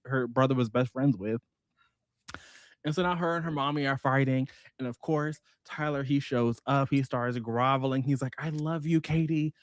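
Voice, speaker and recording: A man recapping a book in a casual vlog, telling it with animated, profane storytelling and quick bursts of quoted voices. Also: mid-range voice, no room sound, studio quality. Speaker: book vlogger.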